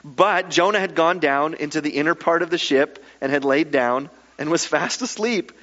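A man preaching a sermon, reading scripture aloud and then explaining it with lively, casual asides. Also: a little high, moderate pace. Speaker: pastor. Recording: muffled echoey hall.

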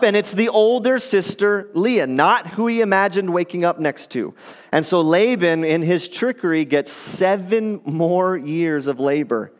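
Male pastor, high-pitched, casual animated sermon delivery, in a reverberant church hall. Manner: conversational, animated storytelling with acted quotes.

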